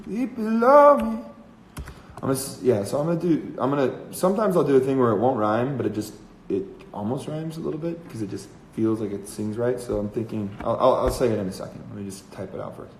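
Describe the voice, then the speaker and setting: A male musician writing a song on a livestream. He mutters his ideas softly, letting phrases trail off, then sings trial lines. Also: mid-range voice, fast talker, roomy sound, a little hiss or hum, poor audio. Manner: soft, trailing speech between sung phrases. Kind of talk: songwriting livestream, thinking aloud.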